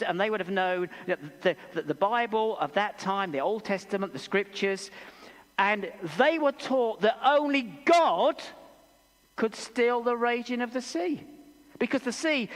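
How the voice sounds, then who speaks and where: A man with an English accent preaching a sermon in a church, telling stories with animated, acted-out voices. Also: high voice. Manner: animated storytelling, acts out voices. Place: church hall. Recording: long church reverb.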